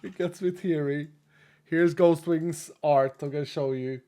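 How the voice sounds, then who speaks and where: A man's voice: on the high side, fairly even intonation, unhurried, dark tone, clean tone. A man in his late thirties, a streamer chatting casually with viewers and reading their messages, gushing and emotional and laughing often. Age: late 30s.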